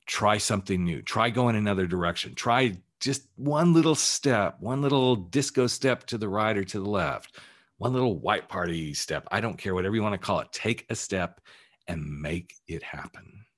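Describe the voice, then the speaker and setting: A man's voice: on the low side, animated, moderate pace. A man who works as a life coach, giving a candid, emphatic motivational talk on his podcast and swearing casually as he goes.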